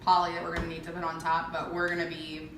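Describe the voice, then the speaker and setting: A young woman tours viewers through her home renovation in an empty house, chatting casually in a low, monotone voice and filling pauses with plenty of ums. Someone else holds the camera mic, so she sounds off-mic, echoing in the bare room with background noise.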